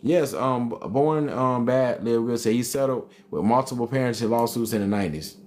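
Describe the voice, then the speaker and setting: A man's voice: medium pitch, moderate pace, darkish tone, a little hiss or hum. A man hosting a live stream, reading chat comments aloud and arguing back with emphatic repetition. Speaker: livestream host reading chat.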